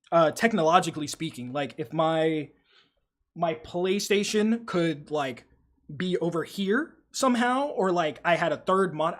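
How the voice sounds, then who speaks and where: A young man hosting a live stream, chatting casually, swearing freely and telling stories with animation while reading out chat. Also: on the high side. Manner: profane, animated storytelling, reads chat aloud. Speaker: livestream host.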